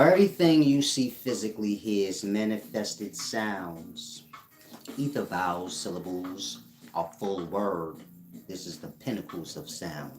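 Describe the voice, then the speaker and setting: A man giving a casual spiritual teaching monologue, drawling slowly and using street slang. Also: on the low side. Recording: roomy echo.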